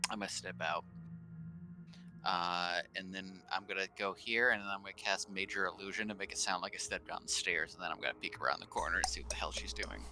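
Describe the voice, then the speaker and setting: A man's voice: low-pitched, fast, a little hiss or hum. A man playing a tabletop game, talking animatedly and laughing often. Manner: animated and laughing, slips into character. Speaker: player.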